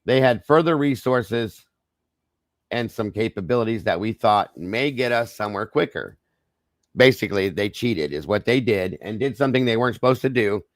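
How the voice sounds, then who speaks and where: Male stream host, low and dry, voice strained, reading reports with casual asides. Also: expressive, normal speed, no echo. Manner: conversational, addresses viewers as guys, frequent okays and apologies. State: voice strained, trying not to lose it. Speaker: true crime livestream host. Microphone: streaming microphone.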